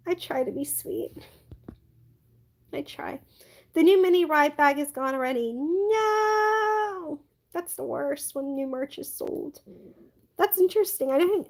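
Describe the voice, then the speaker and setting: A young woman with a high voice chats on a live stream, reading viewer comments as she goes. She is bubbly and gushing and fills her talk with "like" and "oh my gosh.". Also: low-quality recording. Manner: chatty, bubbly, many "like" fillers, yawning.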